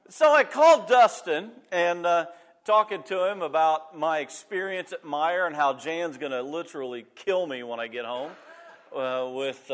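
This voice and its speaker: A pastor telling a personal story in a sermon, conversational and talking straight to the congregation. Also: male voice, fairly high pitch, fairly bright tone.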